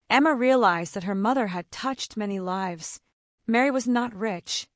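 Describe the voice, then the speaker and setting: A woman narrating an emotional story in a measured, heartfelt way. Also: medium pitch, no echo, clean studio sound.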